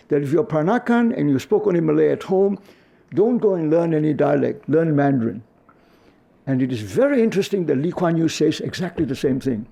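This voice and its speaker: An older man speaks in a lecture hall with a strongly gravelly, husky voice. His tone is mellow and slightly high for a man. He answers an audience question thoughtfully, pausing and restarting as he searches for words. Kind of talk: university lecture reply.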